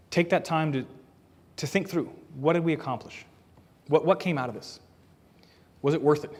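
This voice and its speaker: A man preaching a sermon as a pastor, earnest and plain-spoken, asking the congregation questions as he teaches. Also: a little high. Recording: long reverb of a church hall.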